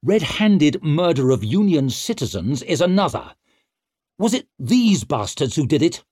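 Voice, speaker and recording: A man's voice: fairly high pitch, big pitch swings, slow, warm tone, husky, no room sound, studio quality, voice pushed up, full character voice. A man doing a haughty young lordly commander. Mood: indignant. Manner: indignant and commanding. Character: brash young male noble commander, haughty.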